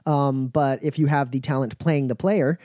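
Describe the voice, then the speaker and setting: A man's voice: mid-range voice, steady tone, moderate pace, warm tone, no echo, studio quality. A man narrating a tabletop game as game master, loosely, with many fillers.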